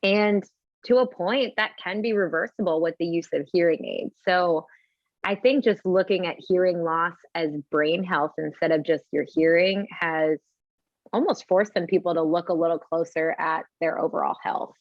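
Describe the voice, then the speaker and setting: Low-voiced woman explaining calmly. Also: no room sound, dull audio. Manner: measured, explains with examples and quoted asides. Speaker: audiologist guest. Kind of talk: explanatory interview talk.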